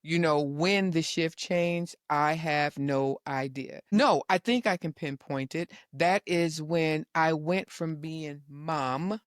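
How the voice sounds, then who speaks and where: A middle-aged woman, a mother guesting on a casual chat show, speaking in a measured, articulate, good-humored way. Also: deep voice, no room sound, studio quality.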